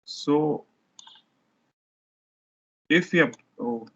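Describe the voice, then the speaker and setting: A man's voice: on the high side, extremely slow, fairly bright tone, dull audio. A man teaching a structures lecture, explaining step by step while he sketches diagrams, often restarting his sentences.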